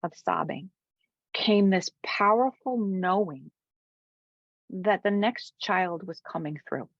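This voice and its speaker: A woman guest, a spiritual coach, telling a heartfelt personal story in an interview, dropping to soft whispers at times. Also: lowish voice, slow, gravelly, no room sound, lo-fi sound. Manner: earnest, drops to soft whispers for quoted moments.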